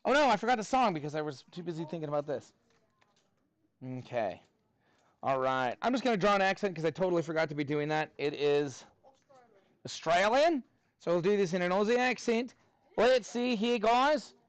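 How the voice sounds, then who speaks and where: Male math teacher with a high, swooping voice, dry close sound, playful with the class. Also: brisk, long pauses, no echo. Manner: animated, playful, calls on students by name.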